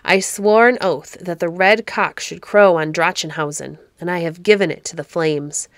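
A woman voicing a stern middle-aged baron, a man with a deep, harsh, commanding manner, in a storybook reading. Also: moderate pace, fairly bright tone, no room sound, studio quality. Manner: cold and commanding.

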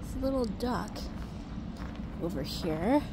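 A woman vlogging in a loose, rambling way, speaking slowly with a somewhat high voice. Her words come over steady background noise. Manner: chatty and rambling, talks softly to a duck. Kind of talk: casual vlog chat. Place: outdoors by a lake.

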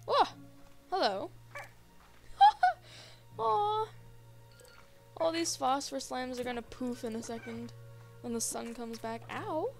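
A young woman casually commenting on a game she plays, gushing and easily excited, talking to the creatures on screen. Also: fairly high pitch, moderate pace, faint music behind. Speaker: gaming video host. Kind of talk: casual let's-play commentary.

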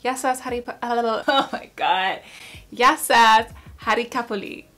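Giggly woman, high voice. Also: pushed and bright. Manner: giggly, self-mocking, sounds out words haltingly. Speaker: YouTuber. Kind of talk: casual vlog chat. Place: at home.

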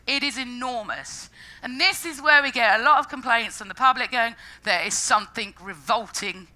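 A woman giving a public science lecture with a bright, forceful voice pitched a little high. She is bubbly and jokey, breaking into little sung noises and playful put-on voices as she talks. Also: moderate pace, poor audio. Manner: enthusiastic, jokey, acts out quoted voices. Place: lecture stage before an audience.

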